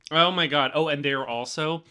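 A man's voice: fairly high pitch, normal speed, sharp tone. A man co-hosting a podcast in casual chat, chatty and full of fillers and restarts. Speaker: podcast co-host.

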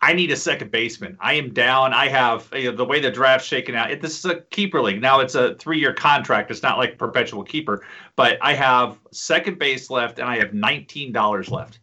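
A man's voice: medium pitch, fairly quick, sharp tone. A man guesting on a podcast, telling self-deprecating anecdotes in a casual chat.

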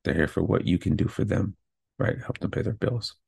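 Low gravelly man, hyped podcast talk. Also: fairly quick, a little mellow, no echo. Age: adult with kids. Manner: candid, pumped-up self-talk with frequent "right?". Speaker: podcast host. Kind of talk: motivational podcast monologue.

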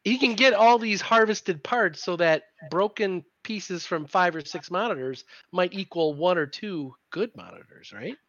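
A man's voice: high-pitched, unhurried, few pauses, a bit bright, no echo. A man playing in a tabletop game, joking and bantering casually with friends. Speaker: player. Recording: dull lo-fi audio.

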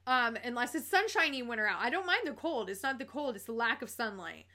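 A woman talks in a bright voice that sits a little high. She chats casually on a podcast in a loose, conversational way, full of filler words. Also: big pitch swings, brisk. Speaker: podcast talker.

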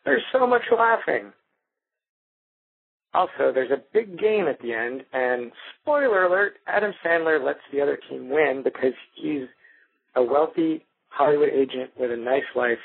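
A man's voice: mid-range voice, normal speed, gravelly, breathy edge. A man leaving a rambling phone message, correcting himself as he goes. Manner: digressive, self-correcting. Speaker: caller reviewing a movie. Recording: tinny phone line.

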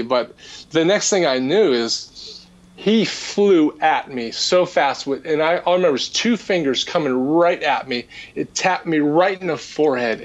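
A man with a fairly high voice tells his story in an earnest, animated way, restarting his sentences as he goes. The recording sounds dull and lo-fi. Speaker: energy healer guest. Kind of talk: casual storytelling.

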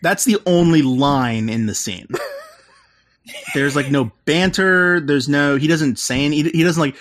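A man's voice: a little high, lively intonation, measured pace, fairly bright tone. A man in casual podcast chat, retelling a film's plot in a loose, rambling way, full of "like" and "um" and his own laughter. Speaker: podcast co-host recapping a film.

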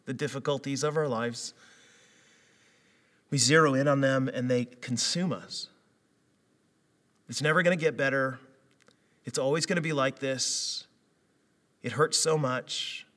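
A middle-aged man preaching a sermon, telling a family story and building to loud, emphatic declarations. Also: medium pitch. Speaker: pastor. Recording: echoey hall reverb.

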